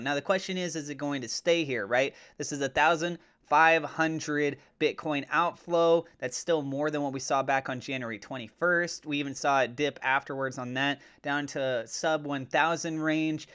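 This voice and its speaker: A man hosting his own cryptocurrency channel, chatting casually and getting excitable as he watches prices move. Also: a little high, normal speed, hardly any pauses, smooth. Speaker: crypto YouTuber. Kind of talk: casual commentary to camera.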